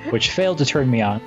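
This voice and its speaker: A man's voice: medium pitch, muffled recording. A man hosting a podcast in casual chat, joking and teasing his co-host.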